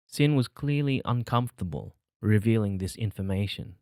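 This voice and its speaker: A male audiobook narrator with a lowish voice reads in a measured, steady way. The recording is close and dry, with no room sound. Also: dry recording.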